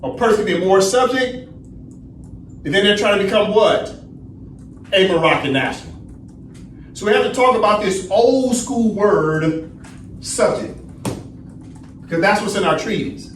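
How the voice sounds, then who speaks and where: A man's voice: high-pitched, lively intonation, unhurried, pauses often. A man teaching a study session, asking the class questions and answering them himself, checking in with "right?" again and again. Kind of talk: lecturing class. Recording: roomy echo, distant mic, faint noise.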